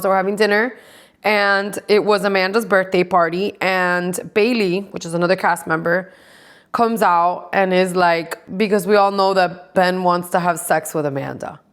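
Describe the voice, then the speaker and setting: A woman's voice: medium pitch, moderate pace. Swearing, gossipy woman podcast host. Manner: profane, gossipy, laughs often. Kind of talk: casual gossip chat.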